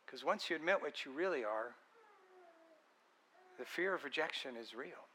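A man's voice: fairly high pitch, lively intonation, moderate pace, sharp tone, slightly rough. A man preaching a sermon in an earnest, conversational and emphatic way.

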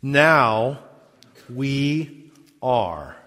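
A man preaching a sermon as pastor, reading scripture and stressing key words, with sharp swings between loud emphasis and quiet drops. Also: animated, moderate pace, in a large hall. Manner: emphatic preaching with big swings in pitch and volume.

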